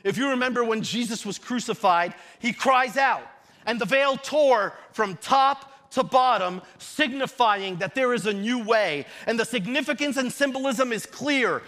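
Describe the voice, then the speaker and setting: A young man preaching a sermon, moving between casual storytelling asides and loud emphatic shouted declarations. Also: very high-pitched, measured pace. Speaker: pastor.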